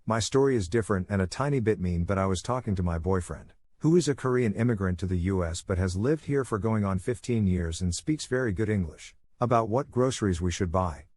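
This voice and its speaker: Male narrator, deep and low, reading posts and comments straight through. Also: fairly quick, few pauses, darkish tone, slight background noise. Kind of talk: scripted narration.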